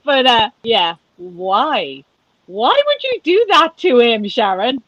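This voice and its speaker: An Irish woman with a bright, sharp voice chats as a guest on a podcast. She teases playfully and laughs easily, and the sound is dry and close. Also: fairly high pitch, sing-song, dry recording, dull audio. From Ireland. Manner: teasing, quick to laugh. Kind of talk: casual chat.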